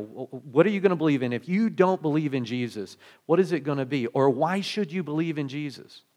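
A male pastor preaching a sermon in a conversational way, asking many rhetorical questions and often restarting his sentences. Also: fairly high pitch.

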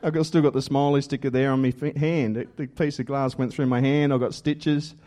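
A man with an Australian accent giving a lively testimony sermon, telling stories with laughter and loud acted-out quotes. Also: medium pitch, fairly quick. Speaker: preacher.

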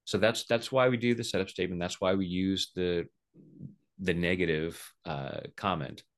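Here the middle-aged man, an EFT tapping practitioner on as a guest, playfully explains and demonstrates tapping and often impersonates the people he quotes. His voice is deep and his speed normal.

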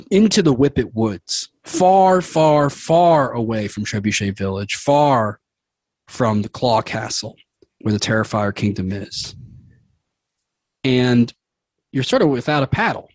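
A man's voice: medium pitch, lively intonation, slow pace, pauses often, no echo. A young adult man narrating a tabletop game as game master, vivid and prone to laughing.

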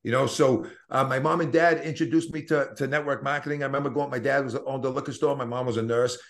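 A man's voice: mid-range voice, steady tone, fast, gravelly. A man in his fifties with a Boston accent, a guest telling his story in a casual interview in an earnest, motivational way, often restarting his sentences. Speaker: network marketing guest.

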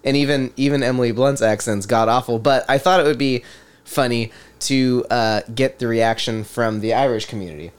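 A man's voice: medium pitch, fairly even intonation, moderate pace, clean tone. A man hosting a podcast in casual chat, laughing often as he reads out quotes. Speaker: podcast host.

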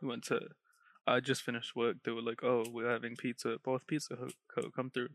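A man's voice: mid-range voice, fairly quick, no echo. A young man from England, telling a story in casual chat and acting out what people said. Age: teens or young adult. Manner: animated storyteller, laughs often, acts out quotes.

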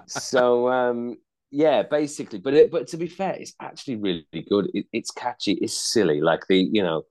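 A man's voice: medium pitch, lively intonation, normal speed, darkish tone. A man co-hosting a casual album review podcast, chatty and hesitant, with many fillers and restarts. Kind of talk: casual chat.

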